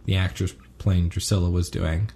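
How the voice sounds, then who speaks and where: A man's voice: low voice, little pitch movement, moderate pace, warm tone. A man co-hosting a casual chat about a TV episode, rambling with many ums and self-corrections. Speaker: podcast co-host.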